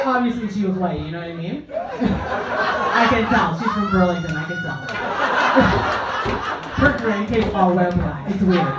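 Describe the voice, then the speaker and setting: A woman's voice: medium pitch, big pitch swings, unhurried, pauses often, heavy background noise. A woman doing a stand-up comedy set, brash, crude and self-mocking. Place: comedy club stage. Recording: echoey club from far off, dull, crowd.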